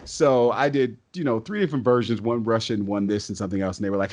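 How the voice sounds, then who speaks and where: Talkative, excitable man with a low voice. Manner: talkative and excitable, quick bursts and restarts. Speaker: guest, stage and voice actor. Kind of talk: casual podcast interview storytelling.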